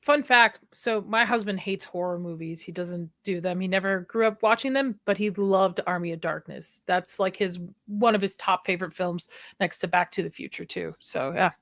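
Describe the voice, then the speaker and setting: A woman guesting on a movie podcast, making her points quickly and thinking aloud. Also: on the low side, a bit bright, no echo, clean studio sound. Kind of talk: casual movie chat.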